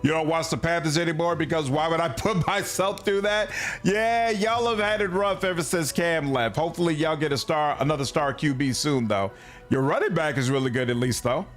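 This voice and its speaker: Casual male game streamer, rambling, somewhat high voice. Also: fairly quick, fairly bright tone, faint music behind. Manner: loose, rambling, full of "like". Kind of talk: casual chat.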